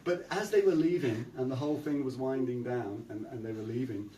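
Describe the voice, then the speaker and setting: A man's voice: medium pitch, a little fast, warm tone, a little hiss or hum. An older Irish man giving a chatty storytelling talk at a temple, full of fillers and repeats. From Ireland. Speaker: preacher. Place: temple hall. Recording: roomy sound from a distant mic.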